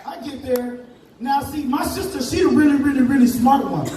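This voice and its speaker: A man's voice: very high-pitched, normal speed, heavy background noise. A man doing a stand-up comedy set, telling a story with casual Southern US slang. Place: comedy club stage. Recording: echoey room from far off, crowd.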